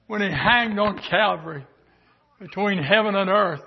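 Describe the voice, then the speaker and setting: Older male preacher, high-pitched, fervent, dull lo-fi church tape. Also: normal speed, gravelly, breathy edge. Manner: fervent preaching, swings from quiet to shouting. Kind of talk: sermon.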